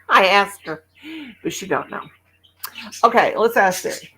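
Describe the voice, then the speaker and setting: A woman's voice: medium pitch, slow pace, a bit bright, slight background noise, rough recording. A chatty woman in her sixties from the Midwest, rambling casually to livestream viewers and laughing often. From American Midwest. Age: 60s. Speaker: livestream host.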